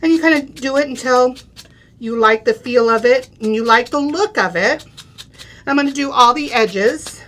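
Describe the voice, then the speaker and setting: A woman's voice: on the high side, moderate pace, fairly bright tone. A middle-aged woman giving a chatty, step-by-step craft demonstration on a live show, checking in with "okay?" and "right?". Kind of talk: live craft product demo.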